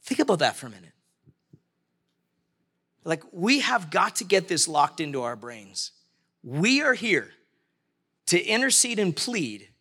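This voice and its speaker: A man preaching to his church congregation with a bright, forceful tone and a high-pitched voice. He talks in a conversational way and keeps asking the congregation questions. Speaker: pastor. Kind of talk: sermon. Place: church, live-streamed service.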